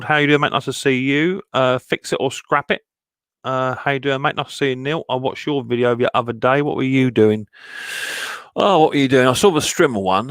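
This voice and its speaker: A man runs a live stream, chatting casually and greeting viewers by name with lots of ums and easy asides. His voice sits at an ordinary middle pitch. The sound is dry and close, with no room echo.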